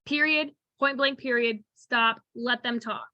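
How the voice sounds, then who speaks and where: A woman coaching on a video call, chatty and animated, often acting out what to say on the phone. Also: fairly high pitch, a little slow, no echo, muffled recording. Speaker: sales coach.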